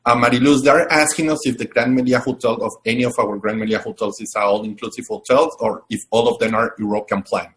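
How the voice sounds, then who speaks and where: A man's voice: mid-range voice, fairly even intonation, quick pace, few pauses, a bit bright. A man hosting a live video-call webinar, talking with effusive enthusiasm and frequent restarts. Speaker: webinar host.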